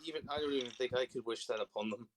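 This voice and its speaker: A man's voice: mid-range voice, rapid-fire, a crowd in the background. A man playing a tabletop game over voice chat, blunt and swearing. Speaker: player.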